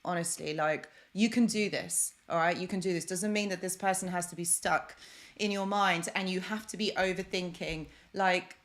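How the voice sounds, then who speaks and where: Woman, live stream host, chatty and gushing, slightly low voice, reassuring. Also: steady tone, normal speed, a bit bright. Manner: effusive, chatty, greets viewers by name; reassuring, encouraging. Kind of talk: casual live stream chat. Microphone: desk microphone.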